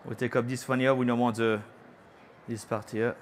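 A little hiss or hum sits beneath a middle-aged French chef's medium-pitched voice, which shows little pitch movement and moves at a moderate pace. He's from France, speaks with a French accent, and gives a live trade-show cooking demo, chatty and playful as he teases the audience and drops in French words.

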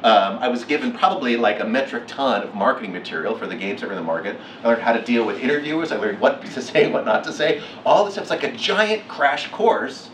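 A middle-aged man giving a keynote talk, telling a story with lively acted-out quotes. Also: medium pitch, fast talker, few pauses, slight background noise. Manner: animated, acts out quotes with laughs. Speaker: keynote speaker. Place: lecture hall. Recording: echoey hall from far off.

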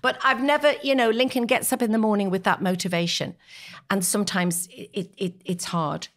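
A woman who is an actress, chatting as a podcast guest and telling stories in an animated way. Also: medium pitch, a little fast. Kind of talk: casual podcast chat.

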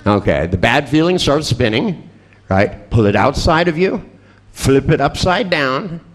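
A man leading a live workshop demonstration with a volunteer, joking, profane and irreverent as he coaches with quick instructions. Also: mid-range voice, lively intonation. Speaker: seminar trainer.

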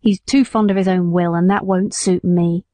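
Gruff angry builder guy, woman reading him, short and rough, dry sound. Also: fairly low pitch, fairly even intonation, moderate pace, warm tone, no room sound, natural voice. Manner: rough and curt. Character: rough, hot-tempered male builder.

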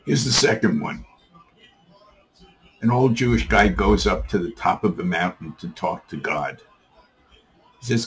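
A man telling jokes in an unhurried way, slipping into small voices for each character. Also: lowish voice, vocal fry, husky, soft background music, poor audio. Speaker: joke teller.

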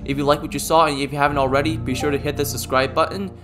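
A man's voice: a little high, little pitch movement, racing, music in the background. A young man closing his channel video with an upbeat, casual sign-off. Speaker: YouTube creator. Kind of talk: channel outro.

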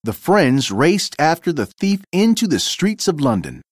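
A man narrating a children's storybook read-aloud with expressive, clear storytelling. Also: fairly high pitch, unhurried, dry recording, clean studio sound.

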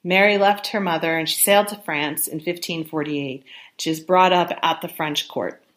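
A woman with a somewhat low voice narrates history for her podcast. She keeps it conversational and sympathetic, pausing on ums and correcting herself as she goes. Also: a bit bright. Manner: chatty, sympathetic storytelling with ums and self-corrections.

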